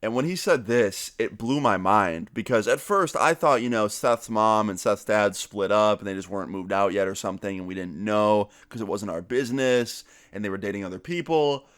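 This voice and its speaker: A man's voice: fairly low pitch, moderate pace, hardly any pauses, no room sound, studio quality. Young man telling a casual story time. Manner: animated, swearing, acts out quotes in raised voice.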